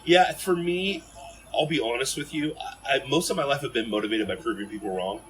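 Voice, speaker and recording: A man from Ohio telling stories as a podcast guest in an animated, rambling way full of fillers and restarts. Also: mid-range voice, fairly quick, slight background noise, poor audio. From Ohio, USA. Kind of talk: casual storytelling in an interview.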